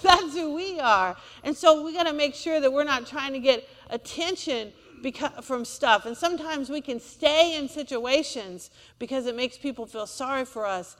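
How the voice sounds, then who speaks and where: High-voiced woman preaching in a hall. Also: moderate pace, hardly any pauses. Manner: call-and-response preaching, asks for amens. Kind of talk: sermon. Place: church.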